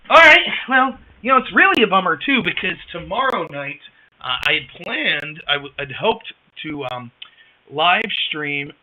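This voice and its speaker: A man's voice: high voice, animated, moderate pace, bright, forceful tone. A man hosting a casual live stream, rambling wryly and reacting to chat on a wireless headset. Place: home, rural area. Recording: dull lo-fi headset mic.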